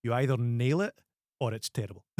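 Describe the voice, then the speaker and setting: A man with a Scottish accent hosting a casual film review chat, animated and often restarting his phrases. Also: mid-range voice, vocal fry, dry recording, clean studio sound. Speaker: host.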